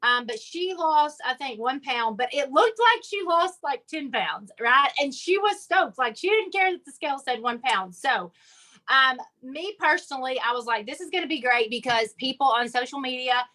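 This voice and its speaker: A woman's voice: high voice, lively intonation, normal speed, sharp tone. Upbeat Arkansas woman with a Southern accent. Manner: chatty, upbeat, uses y'all and like. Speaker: guest speaker on a business call. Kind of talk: casual motivational talk.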